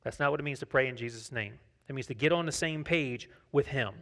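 A man's voice: medium pitch, fairly quick, fairly bright tone. A man preaching a sermon as pastor, conversational, often asking the congregation questions. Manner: tells personal anecdotes, acts out dialogue.

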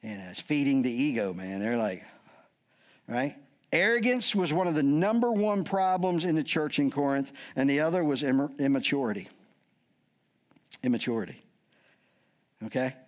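A man's voice: medium pitch, normal speed, long pauses. A middle-aged man preaching a sermon as a pastor, joking and acting out voices as he goes. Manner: lively, joking, acts out quoted voices.

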